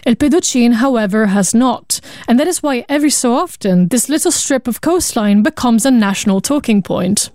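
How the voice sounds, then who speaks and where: A female reporter reading a scripted news report in a clear, even way. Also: on the high side, dry recording, clean studio sound.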